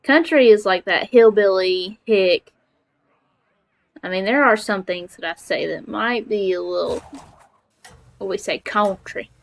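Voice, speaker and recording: A woman's voice: medium pitch, measured pace, creaky, poor audio. A woman from Alabama with a Southern accent, chatting casually and teasing herself while she streams a game from her floor at home. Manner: chatty, self-deprecating. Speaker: livestreamer. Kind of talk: casual chat while gaming.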